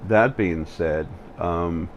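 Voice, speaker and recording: Deep-voiced halting man. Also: slight background noise. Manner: halting, full of fillers and restarts. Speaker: channel host. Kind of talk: spiritual vlog monologue. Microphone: facing the camera.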